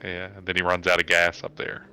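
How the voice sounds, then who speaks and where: A man's voice: sits low, monotone, a little fast, bright, forceful tone, soft background music, poor audio. A man co-commentating a sim race, laid-back, chiming in with short replies. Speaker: co-commentator and fellow driver. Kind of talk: casual chat.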